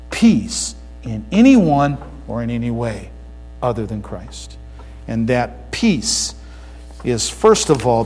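A male pastor giving a sermon, emphatic and swinging between loud declarations and quiet asides. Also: mid-range voice. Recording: long hall reverb with mains hum.

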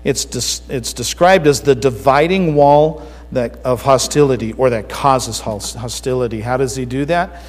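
A male pastor giving a sermon, emphatic and swinging between loud declarations and quiet asides. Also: mid-range voice, normal speed. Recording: long hall reverb with mains hum.

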